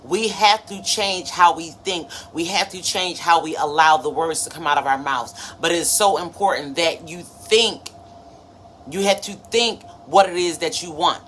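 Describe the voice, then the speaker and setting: Low-voiced woman giving a motivational talk. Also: normal speed, fairly bright tone. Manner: preachy, conversational, greets viewers by name. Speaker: motivational live-stream host. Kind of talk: motivational live-stream talk. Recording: faint background noise.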